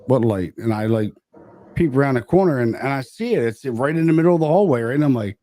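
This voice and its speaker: Profane, animated male podcast storyteller. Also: mid-range voice, fast, dry recording. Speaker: podcast co-host. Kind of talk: casual chat.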